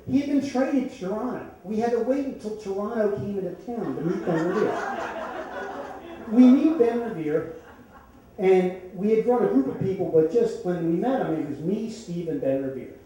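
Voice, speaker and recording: An older man from the Philadelphia area telling a true story on stage at a story slam, conversational and wry with deadpan punchlines. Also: high-pitched, normal speed. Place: stage in an echoey hall with an audience. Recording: echoey hall, distant mic, faint noise.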